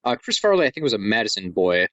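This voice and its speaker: A man from Wisconsin rambles through a jokey podcast chat, his pitch swooping about lively. Now and then he bursts into excited shouts. The recording is dry and a bit dull. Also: fast, dry recording. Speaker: podcast co-host. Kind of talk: casual comedic chat.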